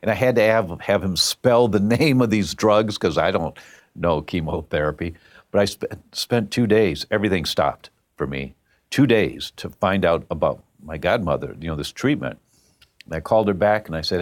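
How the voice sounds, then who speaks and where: A man's voice: low-pitched, expressive, moderate pace. A man telling a personal story as a guest, emphatic and plain-spoken.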